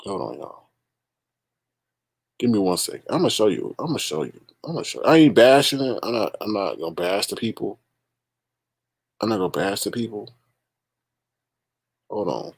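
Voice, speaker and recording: Gravelly, animated man hosting a livestream. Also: lowish voice, normal speed, long pauses, no room sound. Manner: exasperated, laughing, talks to chat as "y'all". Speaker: livestream host. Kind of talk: casual livestream chat.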